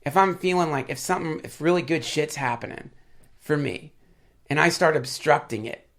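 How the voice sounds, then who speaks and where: This man, a podcast guest with a somewhat bright, higher voice, talks at a moderate pace in casual chat. He rambles through stories packed with fillers and swearing, sniffling from a head cold.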